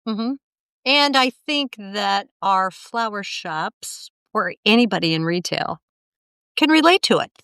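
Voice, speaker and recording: A woman's voice: mid-range voice, lively intonation, unhurried, a bit bright, clean tone, no echo. Agreeable woman podcast co-host, dry sound. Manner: agreeable, chuckling. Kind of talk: casual chat.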